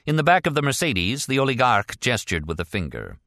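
A man reading a thriller audiobook in a measured, expressive storytelling voice. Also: mid-range voice, dry recording, studio quality. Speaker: audiobook narrator. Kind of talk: scripted narration.

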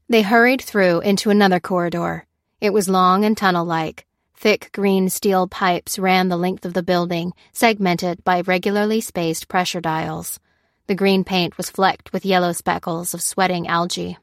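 A woman narrating a story in a steady, even storytelling manner. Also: fairly low pitch, no room sound, studio quality. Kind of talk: scripted narration.

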